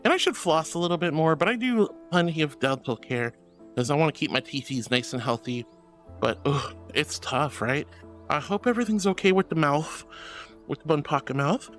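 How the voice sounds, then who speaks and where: A man's voice: a little high, moderate pace, a bit bright, faint music behind. A man streaming live, reading chat aloud and chatting casually, affectionate and giggly, calling his viewers sweetheart and darling.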